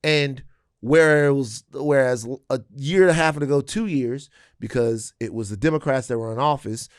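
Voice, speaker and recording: Man, podcast co-host, casual political chat, animated and profane, dry studio sound. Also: lowish voice, dry recording. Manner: animated, profane, acts out quotes.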